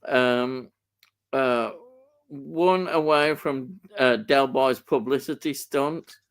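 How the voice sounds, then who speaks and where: A man's voice: mid-range voice, slow pace, clean tone. A middle-aged Yorkshire man chatting casually on a livestream and reading out viewer comments, with lots of ums and easy laughter. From Yorkshire, England. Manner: hesitant, many ums, laughs easily. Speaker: livestream co-host reading chat. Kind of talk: casual chat.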